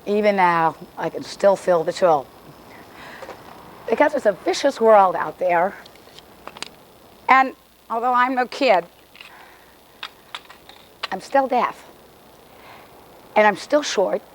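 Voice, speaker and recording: A woman delivers a confiding, self-mocking comic monologue to her listeners. Her voice sits at an ordinary middle pitch, with faint outdoor noise behind it. She performs it as a live one-woman stage piece, recorded out of doors. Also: expressive, takes it slowly, long pauses, low-quality recording. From Texas. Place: outdoor alley.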